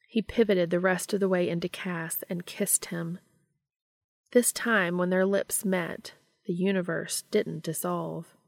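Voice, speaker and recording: A woman reading a fan story aloud as the podcast's host, with steady, even narration. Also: lowish voice, creaky, dry recording, clean studio sound. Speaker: podcast reader of fan fiction.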